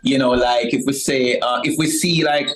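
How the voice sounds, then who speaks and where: Jamaican man, relaxed storyteller. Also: mid-range voice, normal speed, rough recording. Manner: relaxed storytelling with many "you know" fillers. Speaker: guest, cake shop owner. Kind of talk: casual talk show interview.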